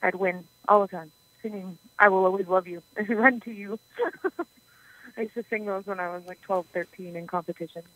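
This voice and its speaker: A woman's voice: medium pitch, steady tone, brisk, fairly bright tone, dry recording, low-quality recording. A young adult woman from Canada, a singer being interviewed, chatting casually and laughing often. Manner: giggly, talkative. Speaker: singer guest.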